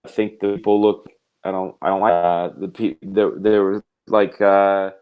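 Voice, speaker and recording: A man's voice: low-pitched, flat delivery, a little slow, smooth, highs cut off. A man hosting a live art stream, chatting casually in a rambling, jokey way and reading out viewer comments. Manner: rambling, self-interrupting, jokey.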